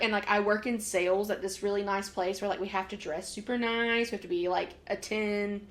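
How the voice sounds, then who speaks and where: A woman's voice: mid-range voice, steady tone, brisk. A woman co-hosting a casual podcast chat, talking loosely with lots of "like" and frequent laughter. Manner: chatty, laughs often, lots of "like". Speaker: podcast co-host.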